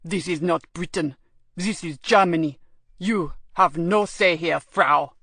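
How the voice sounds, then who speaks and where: A woman's voice: fairly low pitch, takes it slowly, fairly bright tone, dry recording, full character voice. Woman doing a sneering burly customs officer. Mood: menacing. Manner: gruff, sneering. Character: bullying heavy-set male German customs official.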